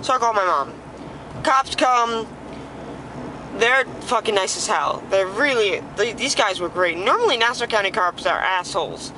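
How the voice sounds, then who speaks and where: A young woman in a car, telling a story casually in an excited, profane, rambling way with many restarts. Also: mid-range voice, moderate pace, background noise. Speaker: vlogger. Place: inside a car while driving.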